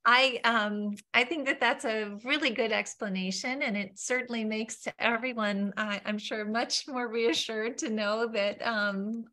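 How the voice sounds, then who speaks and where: A woman's voice: a little high, fairly even intonation, unhurried, hardly any pauses, pushed and bright. A woman hosting a talk, affirming the guest's answer in a hesitant way. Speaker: host. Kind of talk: moderating a talk.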